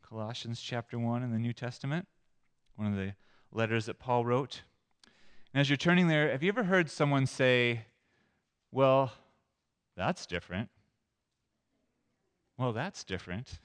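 Male pastor, conversational sermon, playful, leans on single words with pauses, mid pitch. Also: a bit bright, smooth. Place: church sanctuary.

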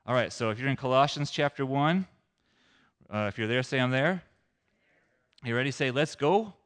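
Male pastor, conversational sermon, playful, leans on single words with pauses, mid pitch. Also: fairly bright tone. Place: church sanctuary.

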